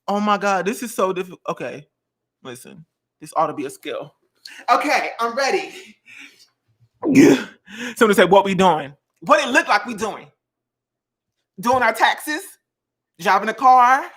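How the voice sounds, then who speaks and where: A man's voice: high voice, very animated, unhurried, long pauses, bright, forceful tone, breathy edge. A man in his twenties hosting a casual live-stream cooking chat from his home kitchen, sassy, dramatic and playfully teasing. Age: 20s. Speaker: host.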